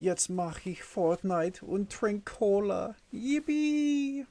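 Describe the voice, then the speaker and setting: Man doing a high, giddy German kid gamer; squeaky, stretched-out words. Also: animated, slow pace, dark tone, no echo, exaggerated voice. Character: silly hyper young German boy gamer. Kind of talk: comedic put-on voice on a livestream.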